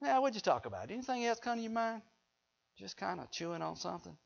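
A man's voice: sits high, sing-song, fast, vocal fry. A man preaching a sermon in a folksy way, joking with the congregation. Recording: dull lo-fi recording.

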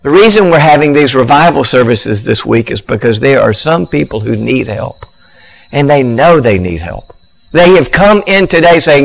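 A man's voice: mid-range voice, animated, moderate pace, gravelly, rough recording. A man preaching a revival sermon, reading scripture and then explaining it in a conversational tone.

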